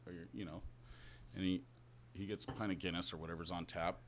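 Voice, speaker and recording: Male guest, lowish voice, rambles through a joke with a lot of false starts. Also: steady tone, fairly quick, fairly bright tone, slight background noise. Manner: rambling, stumbling over himself, swearing. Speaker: podcast guest. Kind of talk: casual joke-telling among friends.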